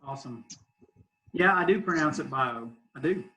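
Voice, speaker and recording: A youth pastor from Southeast Arkansas with a Southern accent, talking easygoingly on a video call, laughing often and leaning on fillers. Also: male voice, fairly high pitch, fairly quick, bright, forceful tone, poor audio. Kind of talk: casual video call chat.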